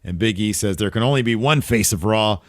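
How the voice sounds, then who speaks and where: Male podcast co-host, lowish voice, dry close mic, animated recapper. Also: brisk, no echo. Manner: animated when quoting, voice jumps up for quotes. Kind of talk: casual wrestling recap chat.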